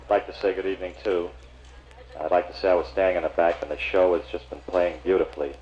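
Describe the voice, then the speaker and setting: A man's voice: sits low, level tone, quick pace, muffled recording, noisy background. A man doing a stand-up routine, chatting with the audience in a confiding storyteller's manner. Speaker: comedian and emcee.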